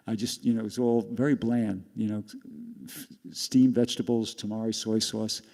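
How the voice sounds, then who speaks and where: A man's voice: fairly low pitch, flat delivery, normal speed, creaky, dark tone. An older man giving a class, telling a rambling personal story with laughs along the way. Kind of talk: storytelling talk. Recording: long hall reverb.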